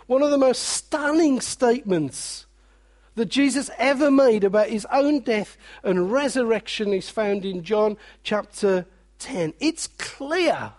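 A man preaching a sermon, animated, with joking asides and quiet, weighty drops. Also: very high-pitched.

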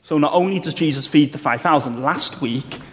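A man preaching a sermon, explaining Bible passages in a measured way and slowing down to stress key phrases. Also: fairly high pitch, a bit bright. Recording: long hall reverb, faint room noise.

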